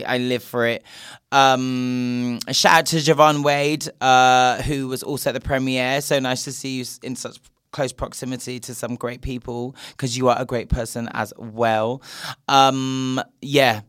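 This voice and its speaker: A man's voice: mid-range voice, a bit bright, clean tone, no room sound, studio quality. A young man ranting sarcastically and swearing freely while hosting a casual podcast chat. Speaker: podcast host.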